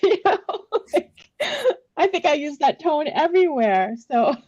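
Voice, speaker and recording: A woman's voice: high-pitched, lively intonation, measured pace, darkish tone, dull audio. A woman in a casual chat, lightly amused as she tells a story about her own sayings.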